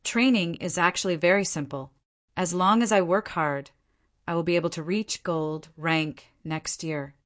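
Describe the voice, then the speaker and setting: A woman's voice: lowish voice, normal speed, close to an everyday voice. A woman reading the lines of a cocky, playful teenage boy in an audiobook, in a light, teasing tone. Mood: mock-excited.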